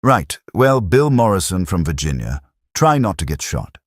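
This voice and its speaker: A man's voice: low voice, sing-song, moderate pace, no echo. A man voicing a cheeky young British army private from Sheffield who teases in a dry, chatty way. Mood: teasing. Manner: chatty, teasing, dry humor.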